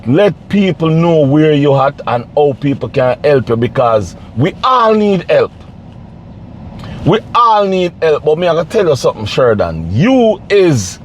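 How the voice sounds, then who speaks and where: A man talking straight to camera, his voice rising and falling a lot and sitting a bit high for a man. He pleads and preaches in a repetitive way, with faint traffic noise outdoors behind him. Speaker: vlogger. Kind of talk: casual direct-to-camera commentary.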